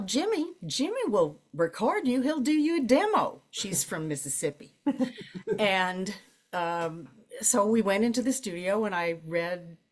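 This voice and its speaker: An older woman, an audiobook narrator, is being interviewed at a library event and tells her stories casually and conversationally. She laughs frequently and her voice jumps high when she wants to emphasize something.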